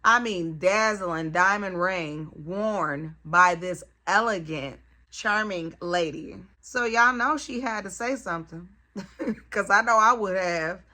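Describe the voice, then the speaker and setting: A woman lifestyle vlogger chatting in a gushing, excitable way, laughing often as she talks to her viewers. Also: medium pitch, takes it slowly. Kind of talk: casual unboxing vlog.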